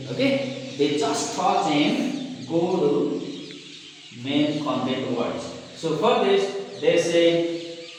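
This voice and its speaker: Guy teaching pronunciation, slow, keeps saying okay, far off mic in a big echoey room. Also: on the high side, slight background noise. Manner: repeats words slowly for demonstration, asks "okay?" after each point. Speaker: English teacher. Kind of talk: classroom lecture on pronunciation.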